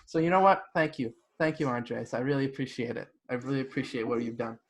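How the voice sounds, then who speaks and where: A young man hosting a podcast in casual chat, blunt, animated and full of profanity. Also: medium pitch, fast. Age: young adult. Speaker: podcast host.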